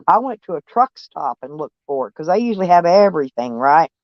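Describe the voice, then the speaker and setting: A woman's voice: sits low, big pitch swings, brisk, dry recording. Older woman, van-life vlogger; loose folksy rambling, salty language, dry lo-fi recording. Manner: rambling, folksy storytelling with cussing and laughs. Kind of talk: casual chat. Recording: dull lo-fi sound.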